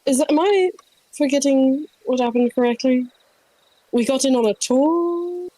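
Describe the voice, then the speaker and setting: A woman's voice: high-pitched, a little slow, dark tone, no room sound, poor audio. A woman playing a tabletop game, planning aloud and asking questions in casual chat.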